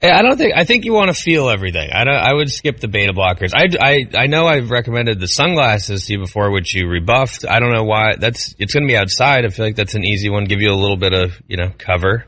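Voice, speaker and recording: A man with a lowish, bright voice throws in wry jokes at a quick clip. His voice is dry and close to the mic. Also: expressive, no echo. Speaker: radio panelist. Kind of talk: sports talk radio banter.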